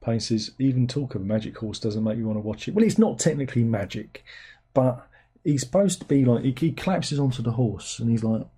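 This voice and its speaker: A man with a very dark, mellow and husky voice hosts a casual film review. He rambles sardonically through viewer comments and jumps into incredulous, high-pitched disbelief. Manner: rambling, sardonic, breaks into incredulous squeaky outbursts.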